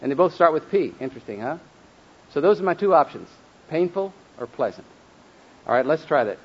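A man's voice: mid-range voice, lively intonation, slightly rough, muffled recording. Man leading a Bible verse drill. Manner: leads call-and-response drills, slows and stresses words when reciting. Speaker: Bible memorization teacher. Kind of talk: live teaching to a group.

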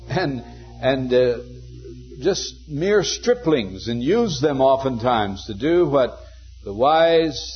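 Older male preacher, husky voice, earnest sermon storyteller, dull old recording. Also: medium pitch. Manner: earnest storytelling, slows for scripture quotes.

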